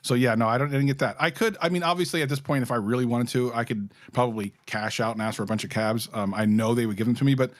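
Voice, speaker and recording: A man's voice: medium pitch, fast, few pauses, no echo. A man speaking as a guest in a casual interview, candid and laughing often. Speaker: guest, former company community liaison.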